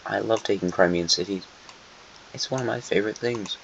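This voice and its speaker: A man's voice: lowish voice, brisk, gravelly. Playful man commentating a map game. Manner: playful, chatty, teasing the nations on the map. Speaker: channel host. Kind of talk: casual gameplay commentary. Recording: muffled lo-fi home mic with faint noise.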